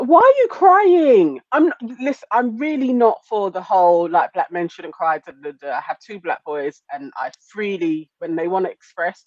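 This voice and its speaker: A parent joining a podcast chat, speaking with indignant emphasis at a middle pitch. The sound is dull and lo-fi, dry and close, like a remote link. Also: no room sound.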